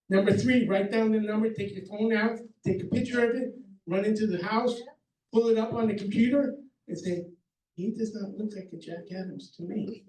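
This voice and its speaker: Emphatic high-voiced man in a roomy hall. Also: mellow, a little hiss or hum. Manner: emphatic, numbered points, keeps asking "okay?". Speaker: contractor speaking at a seminar. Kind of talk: practical advice talk to an audience. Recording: roomy hall, mic far off.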